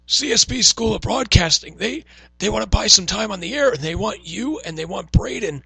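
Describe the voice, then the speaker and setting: A man doing a raspy impression of a slimy, patronizing male radio ad salesman who calls people kid. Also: high voice, expressive, normal speed, pushed and bright, no room sound, voice pushed up, heavily acted. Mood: sleazy.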